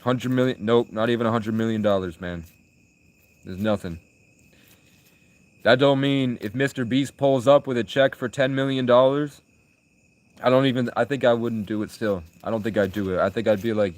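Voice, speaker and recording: A man's voice: medium pitch, fairly even intonation, normal speed, darkish tone. A young man live streaming, chatting with viewers in rambling, crude, provocative banter. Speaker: livestreamer.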